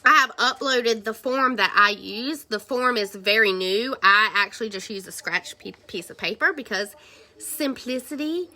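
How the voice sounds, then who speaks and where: Woman, thirties, higher voice, bright and forceful, rambling casual livestream talk. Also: lively intonation, a little slow. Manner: rambling, circles around before reaching the point. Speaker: direct sales team leader. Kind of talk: casual livestream to her team. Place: at home, cartoons playing nearby.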